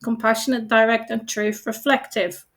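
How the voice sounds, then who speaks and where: A woman coach reading a chat reply aloud in a gentle, reassuring way and explaining it on a product demo. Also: fairly high pitch, level tone, moderate pace.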